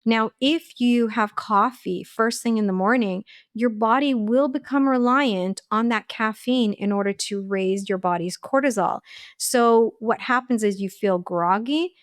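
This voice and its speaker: A woman's voice: on the high side, unhurried, no echo, studio quality. A woman, a holistic nutritionist and life coach, giving earnest, practical advice as an interview guest, with a sprinkling of "like" and "you know".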